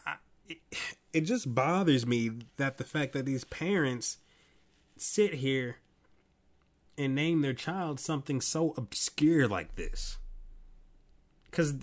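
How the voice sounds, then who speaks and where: A man's voice: mid-range voice, expressive, slow pace, long pauses. A man hosting a late-night solo podcast, ranting in an exasperated, profane way with many restarts, tired and yawning. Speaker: podcast host. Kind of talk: casual solo commentary.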